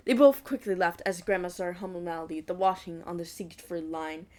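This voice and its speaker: A woman's voice: lowish voice, fairly quick, darkish tone. A young woman reading a fan fiction aloud, breaking off into giggly, mocking asides. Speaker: fanfic reader.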